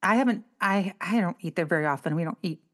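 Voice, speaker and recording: A middle-aged woman, chatting as a podcast co-host and telling animated stories. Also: moderate pace. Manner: animated storyteller, acts out quotes in a higher voice. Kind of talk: casual chat.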